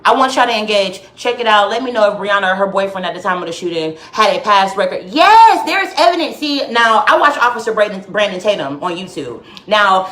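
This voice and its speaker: A woman ranting heatedly and emphatically to her viewers on a live stream from home, her voice swinging widely in pitch. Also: animated, a little fast, few pauses, fairly bright tone, roomy sound. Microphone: phone or webcam live stream.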